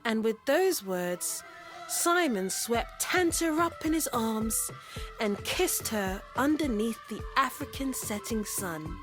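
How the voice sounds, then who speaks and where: Woman reading a storybook, high voice, slow and lively. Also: over music. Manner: expressive, unhurried. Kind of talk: storybook narration.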